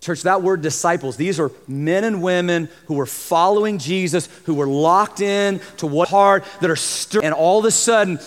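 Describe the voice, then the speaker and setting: A man preaching a sermon as pastor, lively, acting out the voices of the people he describes. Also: high voice. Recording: long hall reverb.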